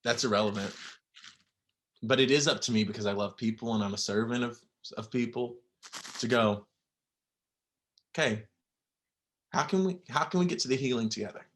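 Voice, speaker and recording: Young man, bright voice, halting delivery with many fillers, close to tears. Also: mid-range voice, slight background noise. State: near tears. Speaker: podcast guest. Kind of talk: emotional personal storytelling.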